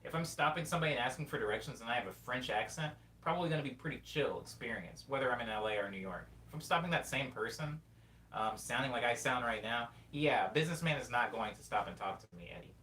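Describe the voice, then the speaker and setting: Streamer, man in his 20s, casual and rambling, reading chat aloud; a bit off-mic with a faint rumble. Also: animated, fast, pushed and bright, distant mic. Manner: rambling and reflective, reads chat messages aloud. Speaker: livestream host.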